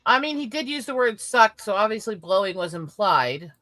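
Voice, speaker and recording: A woman's voice: mid-range voice, big pitch swings, normal speed, sharp tone, no room sound. A woman from the South Dakota and Montana area hosting a casual chat, talking in a blunt, profane, rambling way. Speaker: host.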